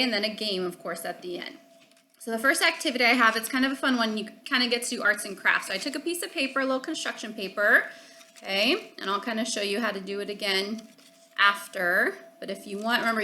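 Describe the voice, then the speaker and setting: A woman teaching young children a phonics lesson, walking through each step patiently and often pausing to check they follow. Her voice is bright and clear, sitting a touch higher than most. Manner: patient, explaining step by step with frequent "okay?".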